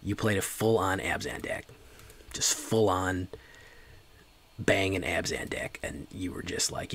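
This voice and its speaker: A man's voice: sits low, unhurried, pauses often, a bit bright, a little hiss or hum. A man streaming a card game, chatting casually and joking with his chat.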